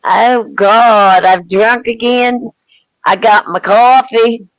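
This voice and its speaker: A woman with a Southern US drawl bantering on a livestream, playful and quick to laugh. She talks slowly and stretches her words. Her voice sounds dry and close to the mic. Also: on the high side, steady tone, no echo, rough recording. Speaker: panel host.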